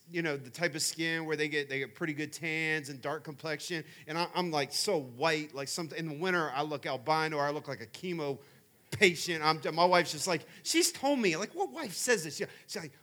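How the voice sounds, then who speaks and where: A man in his forties preaches to campers with a bright, forceful voice sitting a little higher than most men's. His talk is loose and chatty, full of animated stories, and it leans into conversation more than formal preaching. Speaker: camp speaker. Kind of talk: sermon.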